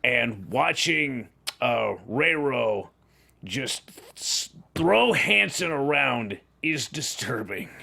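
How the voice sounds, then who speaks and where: A man's voice: medium pitch, drawn-out words, vocal fry. A man co-hosting a wrestling recap show who also wrestles, explaining and joking in casual chat. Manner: animated, explanatory, jokey. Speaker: co-host and wrestler.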